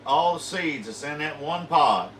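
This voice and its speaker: A man's voice: on the high side, animated, unhurried, roomy sound, distant mic, crowd noise, low-quality recording. A middle-aged man with a North Louisiana country accent, chiming in easily during a live stream. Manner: country-talking, easygoing. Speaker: co-host. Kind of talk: casual live stream chat.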